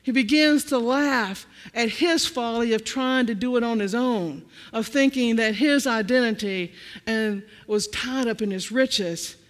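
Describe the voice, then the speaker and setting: A man's voice: very high-pitched, unhurried, long reverb tail. A man preaching a sermon, rhythmic and repetitive, calling out to the congregation.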